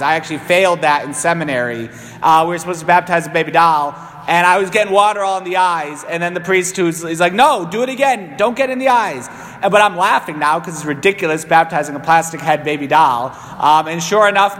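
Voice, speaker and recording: High-voiced young priest preaching in a church. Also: male voice, a bit bright, in a large hall. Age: 30s. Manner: conversational, self-deprecating asides. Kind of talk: sermon.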